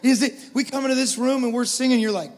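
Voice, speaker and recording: A man preaching a sermon as pastor, animated, swinging from loud preaching to quiet storytelling. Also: very high-pitched, quick pace. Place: large church hall. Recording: reverberant church hall with soft music.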